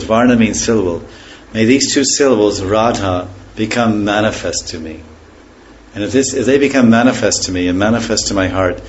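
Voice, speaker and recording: A man giving a scripture class, speaking in an unhurried, reflective way, pausing to explain terms and letting phrases trail off softly. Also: on the low side, slight background noise, rough recording. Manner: pauses to explain words and terms. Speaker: spiritual teacher.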